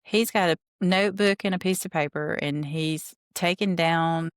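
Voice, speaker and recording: A woman's voice: lowish voice, moderate pace, dry recording, clean studio sound. A woman hosting a podcast, recapping a reality show in a blunt, sarcastic way and swearing casually. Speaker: podcast host.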